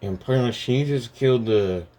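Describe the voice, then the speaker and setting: A man's voice: mid-range voice, normal speed, mellow. A man casually talking through a story idea, hesitant and rambling, full of restarts and fillers.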